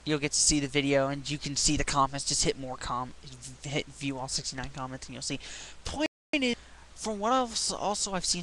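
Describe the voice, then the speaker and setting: A man's voice: a little high, fairly bright tone, slight background noise, low-quality recording. A man ranting in a video blog, sarcastic, exasperated and profane as he mocks someone. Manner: profane, mocking. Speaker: video blogger. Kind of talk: ranting vlog.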